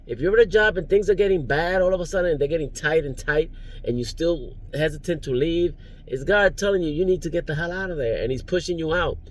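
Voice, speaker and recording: A man's voice: a little high, fast talker. A man giving rambling, preachy life advice in a casual vlog, recorded in his parked car, chuckling now and then. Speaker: vlogger, driver.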